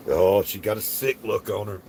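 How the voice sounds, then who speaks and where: A man's voice: fairly low pitch, moderate pace, darkish tone, a little hiss or hum. A man with a Southern US accent rambling in folksy, chuckling casual chat as a livestream host. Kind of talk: casual live-stream chat.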